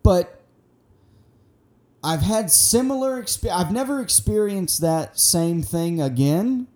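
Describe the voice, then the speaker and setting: A young man casually telling a long personal story, rambling and swearing, acting out what people said. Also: a little high. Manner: rambling, profane, excitable, acts out quotes.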